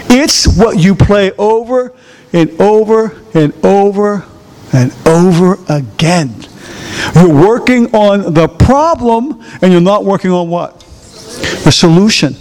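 A male preacher with a strikingly high voice that leaps up and down in pitch. He delivers a lively sermon, throwing fill-in-the-blank questions at the congregation and bursting into shouts now and then.

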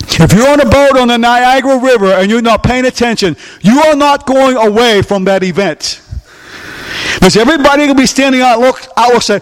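A middle-aged man preaching from the pulpit in a notably high voice. He drives each point home by hammering lines again and again. He keeps throwing questions out to the congregation. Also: a little fast. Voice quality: emphatic, asks the congregation questions and repeats key lines. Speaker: pastor. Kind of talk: sermon.

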